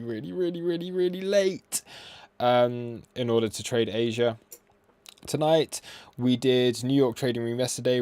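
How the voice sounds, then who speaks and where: A young man from the UK runs a live crypto trading stream, chatting loosely and joking at his own expense as he reads viewers' requests. His voice sits at an ordinary middle pitch. The sound is dry and close, with no room echo. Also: darkish tone. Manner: chatty and self-deprecating, reacting to chat. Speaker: crypto trading livestream host. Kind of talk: casual livestream chat.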